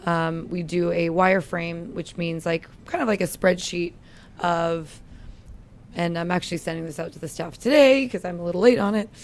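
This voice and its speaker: A woman who runs the drinks program at a bar, talking candidly and chattily in a relaxed interview and laughing easily. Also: lowish voice, normal speed. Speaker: bar beverage director. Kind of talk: casual interview chat. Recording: faint background noise.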